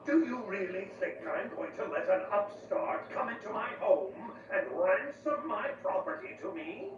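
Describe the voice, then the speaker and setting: An actor playing a cold, proud tycoon who rules from a screen, imperious and possessive. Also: male voice, sits high, expressive, normal speed. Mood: smug. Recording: echoey game audio from far off, dull and hissy.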